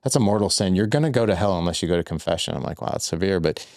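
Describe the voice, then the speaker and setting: A man with a very low voice and a gravelly edge, sitting as a podcast guest. He tells his story loosely and candidly, repeating "like" and "I was like". The sound is dry and close. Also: animated, rapid-fire, darkish tone, no echo. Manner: loose and repetitive, full of "like" and "I was like". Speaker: podcast guest, fatherhood coach.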